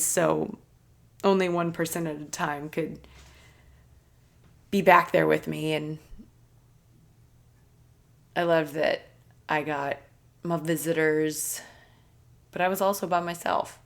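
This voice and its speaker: A woman with a deep, fry-edged voice speaks as a podcast host, taking her time over each phrase. She talks in an earnest, gentle, reflective way, like a personal monologue, with a light laugh now and then. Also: fairly even intonation, takes it slowly, pauses often. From United States. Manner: earnest, soft-spoken storytelling with light laughs.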